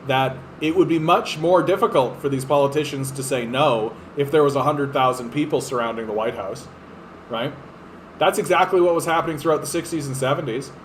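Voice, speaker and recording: A man's voice: on the high side, fairly quick, a little hiss or hum, low-quality recording. A man hosting a political podcast, ranting in a profane, fired-up way with lots of fillers. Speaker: podcast host. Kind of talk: political commentary rant.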